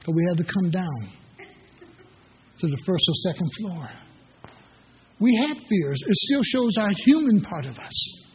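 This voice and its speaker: Male pastor, high and husky, folksy sermon storyteller; dull lo-fi recording with long reverb. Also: big pitch swings, measured pace, pauses often. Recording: echoey hall, dull lo-fi sound.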